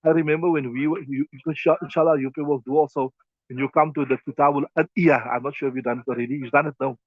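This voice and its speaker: A man with a South African accent, a mufti teaching a hadith class in a conversational way, with quick Arabic recitation. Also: fairly high pitch, fairly even intonation, dry recording, phone-quality sound. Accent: South African English.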